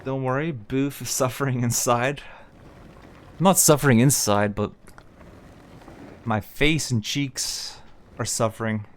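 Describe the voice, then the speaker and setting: A male game streamer tossing dry, joking remarks to his chat while he plays. His voice sits at an everyday middle pitch for a man, and he speaks casually and offhandedly. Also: measured pace, long pauses. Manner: wry, joking asides to chat. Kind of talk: casual gameplay commentary.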